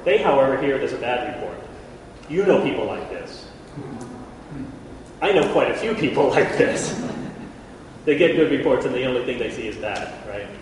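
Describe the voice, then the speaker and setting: A man preaching a lively Bible lesson, who jokes with the room and calls out listeners by name. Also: mid-range voice, moderate pace, pauses often. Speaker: preacher teaching a Bible class. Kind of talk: lively sermon. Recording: echoey hall from far off, faint noise.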